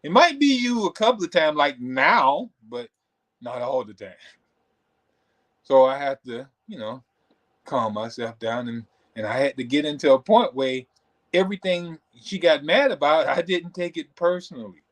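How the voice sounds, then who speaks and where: A man hosting a livestream, talking in an animated, conversational way with many asides. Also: a little high, normal speed. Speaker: host. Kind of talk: motivational talk on a livestream.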